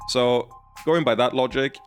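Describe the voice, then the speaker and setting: A man's voice: mid-range voice, fairly even intonation, a little slow. A man streaming a game, thinking aloud and musing about its story. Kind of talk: live game commentary. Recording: faint music behind.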